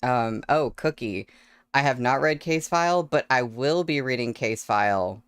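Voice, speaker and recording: Woman, casual stream chat, frequent laughter, unhurried pace, close dry mic. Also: extremely low pitch, expressive, smooth, no room sound. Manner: chatty, laughs often between words. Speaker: streamer reading novels aloud. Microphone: desk microphone.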